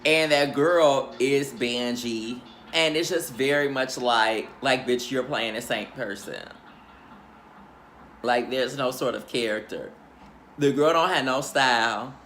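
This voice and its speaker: A man hosting a casual reality show recap, gossiping in a sassy, animated, profane way. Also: mid-range voice, slow pace, slight background noise.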